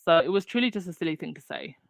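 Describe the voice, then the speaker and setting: A woman's voice: low voice, expressive, racing, creaky, dry recording. A woman hosting her own commentary channel, talking casually with lots of fillers and restarts. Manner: chatty, many fillers and restarts. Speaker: channel host.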